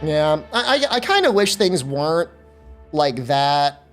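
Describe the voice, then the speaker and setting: Chatty male streamer with a lively voice. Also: fairly high pitch, a little slow, faint music behind. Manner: chatty and loose, joking with viewers. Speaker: game streamer. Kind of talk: casual live-stream chat.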